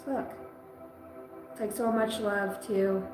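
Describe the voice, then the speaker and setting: A woman giving a live psychic reading, talking emotionally in halting phrases that break off mid-sentence. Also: medium pitch, level tone. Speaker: psychic reader. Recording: roomy sound with music behind.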